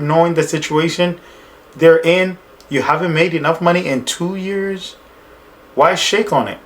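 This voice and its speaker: A man hosting a reaction video, giving emphatic, scolding commentary and repeating his points. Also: a little high.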